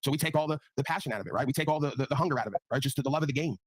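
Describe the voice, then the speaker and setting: A man's voice: mid-range voice, rapid-fire, no echo. A man hosting a live online panel, talking in a blunt, profane way and often tagging his points with "right?". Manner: blunt, profane, repeats tag questions. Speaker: livestream panel host. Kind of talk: casual ranting talk.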